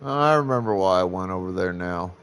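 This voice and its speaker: A man's voice: deep voice, expressive, a little fast, fairly bright tone, slight background noise. A man streaming a game live, chatting casually and rambling, swearing freely as he talks to his chat.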